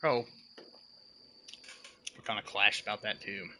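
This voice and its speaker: A man's voice: lowish voice, steady tone, a little slow, pushed and bright, slight background noise. A young man streaming a game and chatting casually, telling a long story in an emphatic, profane way. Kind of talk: casual rambling chat.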